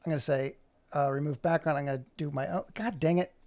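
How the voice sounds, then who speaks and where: A man's voice: on the high side, fairly even intonation, fast talker, a little mellow. A middle-aged man talking through an animation tutorial as he works, chatty and self-mocking, muttering to himself. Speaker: video creator. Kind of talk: screen-recorded tutorial with running commentary.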